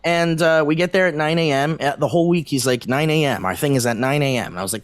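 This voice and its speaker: A man's voice: a little high, fast, few pauses, dry recording. A man co-hosting a podcast, telling a casual, rambling story to friends, laughing often and swearing freely. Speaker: podcast co-host. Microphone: remote call microphone.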